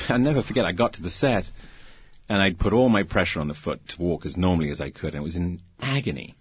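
Deep husky man telling an animated story. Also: brisk, no echo, highs cut off. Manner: animated anecdotes, acting out quoted voices, frequent laughs. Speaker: interview guest, actor. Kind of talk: storytelling in a conversational interview.

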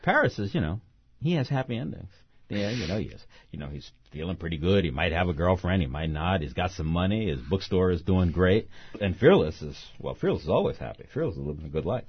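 A man speaks expressively as a novelist guest, often restarting his phrases. His voice is low and husky, and his pitch swings widely. The recording sounds dull and dry. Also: big pitch swings, fast. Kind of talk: interview conversation.

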